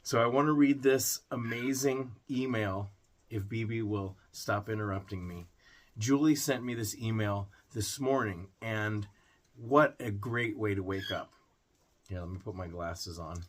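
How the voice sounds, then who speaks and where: Slow, low-voiced earnest man. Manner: earnest and heartfelt, with small restarts. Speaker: pet video host. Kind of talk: casual vlog talk to camera.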